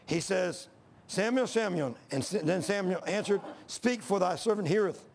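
A man's voice: sits high, normal speed, creaky, slight background noise. A man preaching a sermon, reading scripture and telling folksy stories.

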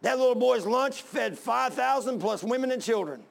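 A man's voice: extremely high pitch, normal speed, creaky. A man preaching a sermon and telling a personal story, fervent and rising to emphatic pleas.

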